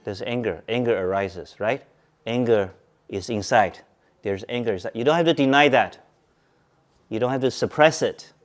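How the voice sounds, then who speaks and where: A man teaching Buddhism at a Zen centre, speaking calmly, repeating points and asking his listeners questions. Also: medium pitch, moderate pace. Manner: calm, repetitive, asks listeners questions. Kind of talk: Dharma talk to a group.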